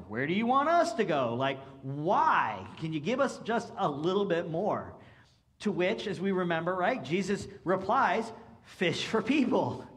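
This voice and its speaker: Pastor, male, high-pitched, chatty conversational sermon delivery, animated swings from loud to hushed. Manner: casual, conversational preaching with frequent "like" and "right?"; animated, swings between loud emphatic and quiet low asides.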